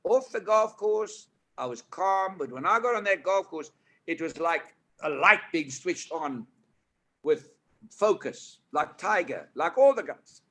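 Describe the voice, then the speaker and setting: An older South African man telling animated stories with lots of emphasis. His voice is bright and forceful, and it sits fairly high for a man. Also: measured pace. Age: 80s. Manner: lively, emphatic, laughs at his own stories. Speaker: guest. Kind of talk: animated storytelling.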